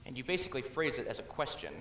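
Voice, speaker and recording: A man playing a middle-aged musical fan who confides in the audience with halting, musing asides on a theater stage. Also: medium pitch, very animated, fairly bright tone, a little hiss or hum. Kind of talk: amateur stage musical acting. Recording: roomy stage recording.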